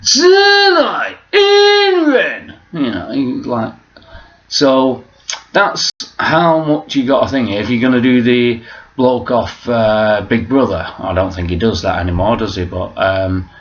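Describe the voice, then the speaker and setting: A low-voiced man in a casual vlog, rambling loosely and swearing freely. The recording is dull and lo-fi. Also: fairly even intonation, moderate pace. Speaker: vlogger.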